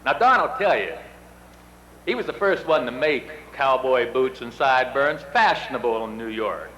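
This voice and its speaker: A man's voice: mid-range voice, lively intonation, moderate pace, pushed and bright, a little hiss or hum, poor audio. A middle-aged man presenting at an induction ceremony, telling folksy, self-deprecating stories. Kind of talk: speech with storytelling.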